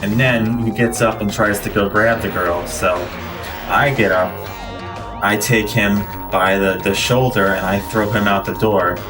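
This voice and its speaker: Male game streamer, lower voice, distant mic, meandering storyteller. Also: fairly even intonation, unhurried, over music. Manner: rambling anecdotes, many fillers and restarts. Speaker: gaming streamer. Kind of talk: casual storytelling while playing.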